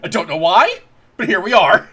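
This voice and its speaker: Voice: medium pitch, very animated, moderate pace, sharp tone, slightly rough. A podcast host in a casual chat, making crude jokes and laughing often.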